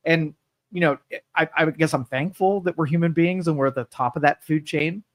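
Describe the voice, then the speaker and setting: A man co-hosts a local talk radio show with a voice a little higher than most men's. He speculates in a thoughtful, musing way. The sound is close and dry in the studio. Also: a little fast, dry recording. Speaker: co-host. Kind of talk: casual talk radio chat.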